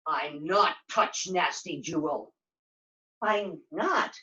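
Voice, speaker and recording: A woman's voice: low voice, slow pace, pushed and bright, roomy sound, muffled recording, exaggerated voice. A woman puppeteer voicing a solemn magical creature who speaks broken English and gives short, grave warnings in a puppet show. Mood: grave, knowing.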